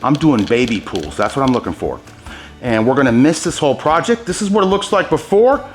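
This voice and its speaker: A man hosting a hands-on epoxy tutorial, talking straight to his viewers, excited by his own results and handing out pro tips as he works. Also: mid-range voice, fairly quick, soft background music. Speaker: host demonstrating epoxy countertop techniques.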